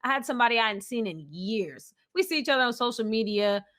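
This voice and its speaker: A young woman co-hosting a casual podcast, with a bright, forceful tone. She talks openly and emotionally, laughing often and owning up to how easily she tears up. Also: on the high side, expressive, fast talker. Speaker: podcast co-host. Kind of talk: casual chat.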